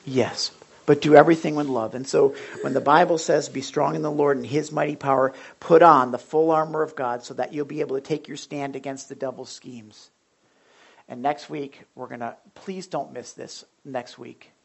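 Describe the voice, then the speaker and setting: A young man preaching a sermon as a pastor in a blunt, animated storytelling way, swinging from loud outbursts to quiet asides. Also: medium pitch, normal speed, vocal fry, breathy edge. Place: church sanctuary.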